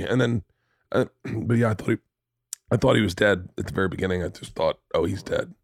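Male podcast host, 30s, animated swearing storyteller, dry close mic. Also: lowish voice, a little fast, creaky, no echo. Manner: animated, profane storyteller who acts out quotes. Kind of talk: casual conversation, storytelling. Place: home studio room.

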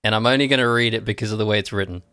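Male co-host, English accent, mid pitch, dry close recording, wry joker. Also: steady tone, a bit bright, clear, resonant tone, dry recording. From England. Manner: dry, joking, quick asides. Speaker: podcast co-host. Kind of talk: casual chat.

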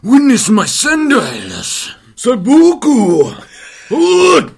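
A man putting on a furious samurai who shouts each line, his pitch jumping high and low. He is played for laughs among a group of friends talking over him. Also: wildly swooping pitch, extremely slow, gravelly, crowd noise, exaggerated voice. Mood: bellowing. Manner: barking, shouty. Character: angry shouting male samurai.

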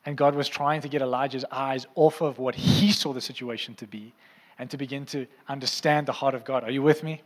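A man's voice: medium pitch, steady tone, fairly quick. Man preaching, conversational, in a long reverb. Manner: conversational, asks the crowd often. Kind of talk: sermon. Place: church hall.

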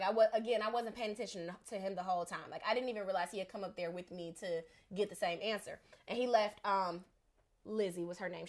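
A woman telling a story in casual podcast chat, acting out the people in it. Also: medium pitch. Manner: animated, acts out voices in her story.

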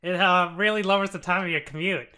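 A man's voice: high voice, steady tone, quick pace, sharp tone, clear, resonant tone. A man co-hosting a comedy podcast, recapping a TV series in a loose, rambling way and laughing often. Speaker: podcast co-host summarizing a TV series.

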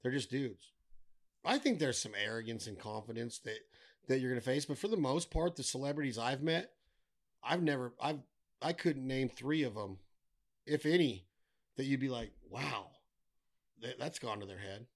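A man's voice: mid-range voice, moderate pace, pauses often. A middle-aged man talking casually as a podcast guest, blunt and given to swearing, ranting with wry humor. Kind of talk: casual chat.

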